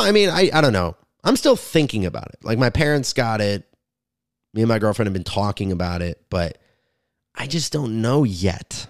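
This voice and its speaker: In a casual podcast monologue taped in his home garage, a male comedian rambles crudely and keeps interrupting himself. His voice is medium in pitch, and the recording is dry, with studio quality.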